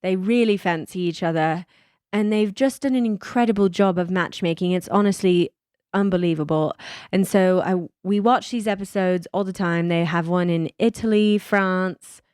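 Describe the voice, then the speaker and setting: A woman co-hosting a casual podcast chat, giggly and animated, swearing casually. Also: fairly low pitch, moderate pace, clean tone, no echo, clean studio sound. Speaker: podcast co-host.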